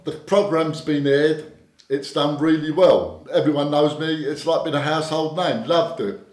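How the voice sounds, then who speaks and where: A man's voice: a little high, steady tone, moderate pace, a little mellow. An older man, a former doorman telling stories as a podcast guest, stumbling over repeated words and acting out quoted dialogue. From Britain. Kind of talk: casual storytelling interview. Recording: echoey room.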